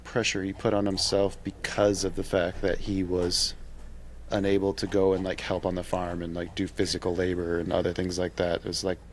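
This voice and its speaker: A man with a low voice chiming in on a casual podcast. He speaks in a relaxed, thinking-aloud way, with a faint hiss of noise behind him. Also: normal speed. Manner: relaxed, reflective, frequent fillers. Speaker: podcast co-host.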